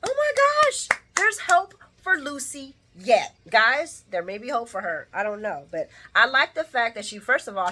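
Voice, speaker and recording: A woman talks through the latest soap episode in a loose, casual vlog manner. Her voice is bright and clear, and her pitch sits in a middle range. She acts out the characters' lines with lots of energy and laughs easily as she goes. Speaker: soap opera recap vlogger. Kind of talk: casual recap chat.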